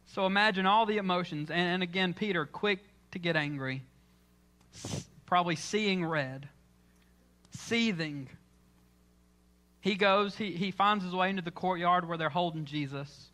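A man's voice: high voice, unhurried, sharp tone. A man preaching a sermon in church, telling the story with dramatic, acted-out lines. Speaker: pastor.

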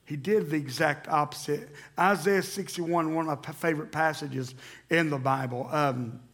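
High, gravelly preacher. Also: male voice, moderate pace. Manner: animated preaching, rising to loud emphatic calls to the congregation. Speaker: pastor. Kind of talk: sermon. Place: church sanctuary.

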